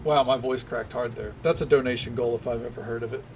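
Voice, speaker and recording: A man rambles through relaxed stream commentary. His voice sits at an ordinary pitch with a gravelly, fried texture. His talk is loose and chatty, with casual swearing. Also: fast talker, a little hiss or hum. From American South.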